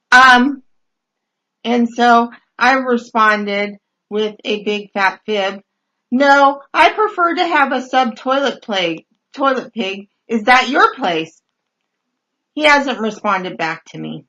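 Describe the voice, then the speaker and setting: Woman, somewhat high voice, casual comic storytelling, deadpan and wry, lots of ums. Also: takes it slowly, poor audio. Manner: wry, deadpan, with hesitant fillers. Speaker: podcast host reading dating-site messages.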